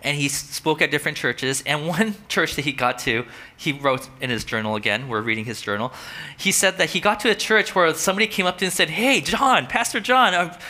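Bright-voiced man preaching casually. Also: a little high, expressive, quick pace. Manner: conversational, storytelling, rising when quoting. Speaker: pastor. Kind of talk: sermon.

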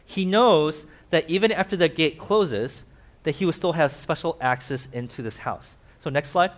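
A man giving a casual sermon with slides, animated, asking his listeners questions and acting out little voices. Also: a little high, normal speed. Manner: animated, acts out voices, asks the audience questions. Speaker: preacher.

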